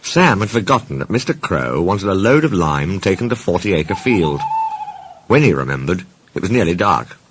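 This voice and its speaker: A man narrating a children's storybook in an expressive, lively way. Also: low-pitched, normal speed, a little hiss or hum. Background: soft background music.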